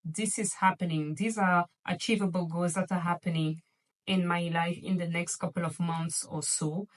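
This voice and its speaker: A woman's voice: lowish voice, steady tone, normal speed, recorded from a distance, rough recording. A woman vlogger chatting casually and playfully to her viewers about luxury shopping, gushing over items. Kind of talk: casual chatty haul video.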